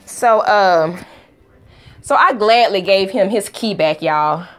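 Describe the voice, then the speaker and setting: Animated woman telling a home storytime. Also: slow. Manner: animated, acts out quotes with pitch jumps; talks to her toddlers between story bits. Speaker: vlogger. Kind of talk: casual storytime chat.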